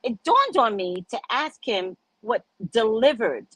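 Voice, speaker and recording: A woman's voice: sing-song, unhurried, a bit bright, breathy edge, dry recording, rough recording. A woman host telling stories in a casual chat, blunt and profane, laughing often and acting out the dialogue. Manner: acts out dialogue with big pitch swings. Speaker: podcast host.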